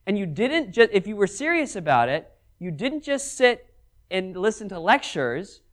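A man's voice: sits high, moderate pace. A man preaching a Bible study sermon, reading verses aloud and acting out the dialogue in them. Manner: animated, acts out scripture dialogue.

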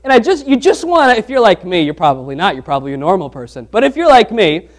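In a quick-paced sermon, a male pastor with a notably high voice talks to his congregation as though chatting with friends. He slips into everyday stories, shares a funny anecdote from his own life, and keeps restarting his sentences in animated fashion.

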